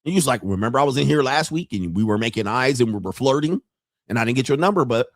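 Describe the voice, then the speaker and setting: Hosting a podcast, a man tells profane stories as casual commentary, animatedly imitating other people's voices along the way. His voice is mid-range and quick-paced, captured at studio quality with no echo.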